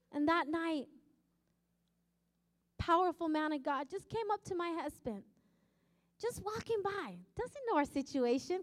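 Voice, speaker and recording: A woman preaching in a sermon, telling her story emphatically and swinging from hushed to loud. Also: very high voice, big-room sound. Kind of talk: sermon testimony.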